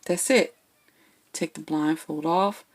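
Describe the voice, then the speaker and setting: A woman's voice: sits low, slow. A woman giving a casual, blunt tarot reading to her viewers, checking in with "okay?" after nearly every point. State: has the hiccups. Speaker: tarot reader.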